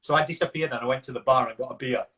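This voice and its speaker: A Yorkshire man appearing as an interview guest talks very fast in a bright, forceful mid-range voice with a steady tone. He spins rambling anecdotes casually, acting out what other people said.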